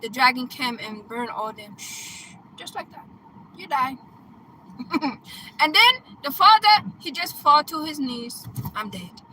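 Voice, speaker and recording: Excitable woman coach with a high voice, chatty storyteller who keeps checking in with the listener. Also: slow, pauses often, slight background noise, poor audio. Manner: excitable, laughing, bursts into loud exclamations; chatty, checks in with "right?" and "okay?". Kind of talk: casual retelling of a film plot.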